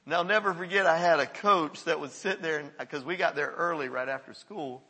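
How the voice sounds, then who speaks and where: Bright-voiced male pastor preaching in a hall. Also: fairly high pitch, a little fast, breathy edge. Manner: earnest, encouraging, laughs often while preaching. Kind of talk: sermon. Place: church service before a congregation. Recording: long hall reverb.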